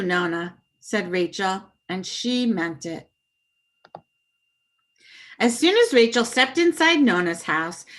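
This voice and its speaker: A woman reading a children's story aloud with puppets, expressive and animated. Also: medium pitch.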